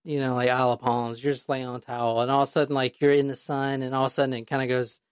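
A woman's voice: rumbling low, little pitch movement, racing, smooth, dry recording, clean studio sound. A woman hosting a casual podcast, telling a true crime story in a rambling, profane way with lots of fillers. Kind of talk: casual chat.

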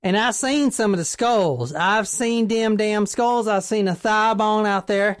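A woman's voice: mid-range voice, measured pace, no echo, close to an everyday voice. A woman voicing a rambling, drunken drifter farmhand man in a folksy, drawling rural put-on accent. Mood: insistent.

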